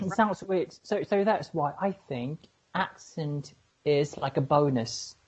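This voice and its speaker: A man's voice: fairly high pitch, animated, slow pace, a little mellow, slightly rough, highs cut off. A man with a British-leaning English accent, co-hosting a casual podcast chat, talking hesitantly with many fillers and restarts. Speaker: podcast co-host.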